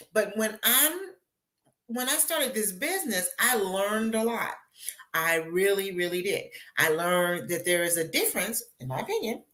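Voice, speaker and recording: A woman hosting a live show as a beauty consultant, chatting casually with viewers and acting out little asides. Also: medium pitch. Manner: chatty, animated, acts out voices in asides.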